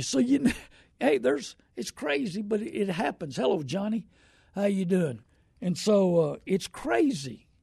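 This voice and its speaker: A middle-aged man talks through a casual live stream about buying cars, folksy and rambling. His voice sits high and is husky and mellow. The sound is dry and close. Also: no room sound. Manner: folksy and rambling, greets viewers by name. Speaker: host of a car-buying show.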